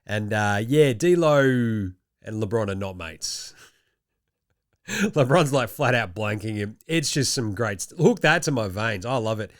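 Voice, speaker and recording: A man's voice: lowish voice, animated, a little slow. A young Australian man hosting a basketball show, giving casual, jokey commentary and swearing freely.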